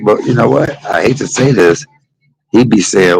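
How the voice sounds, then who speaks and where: A man's voice: on the low side, normal speed, creaky, husky, dry recording, low-quality recording. A middle-aged man hosting a livestream, telling casual stories in a chatty vernacular that drifts from one memory to the next. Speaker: livestream host. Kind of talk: casual storytelling monologue.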